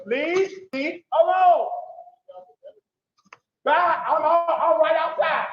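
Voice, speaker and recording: A man ranting and shouting profanity at passersby outside a store, in a played clip. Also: very high voice, takes it slowly. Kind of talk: shouting confrontation in public. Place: outdoors by a store. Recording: dull roomy clip, noisy street.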